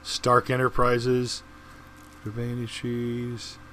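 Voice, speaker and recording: A man's voice: medium pitch, completely flat delivery, slow, bright, forceful tone, slight background noise. A man giving casual commentary over a game he is playing, with wry, sarcastic quips. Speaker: let's-play gamer.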